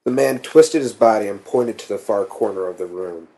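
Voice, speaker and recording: Man, horror story narrator, husky voice, lower pitch, tense steady reading. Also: normal speed.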